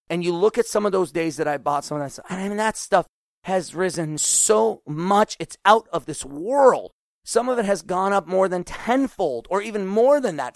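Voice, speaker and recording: A man in middle age, host of a solo money podcast, with a fairly high voice. He talks with lively, animated energy, coaching his listeners directly. The sound is dry and close, with no room around it. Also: no room sound.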